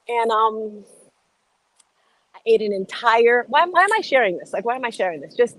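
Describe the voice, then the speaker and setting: A woman's voice: on the high side, animated, brisk, low-quality recording. A woman life coach hosting a casual livestream, chatty and enthusiastic, greeting her viewers by name. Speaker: life and fitness coach, show host.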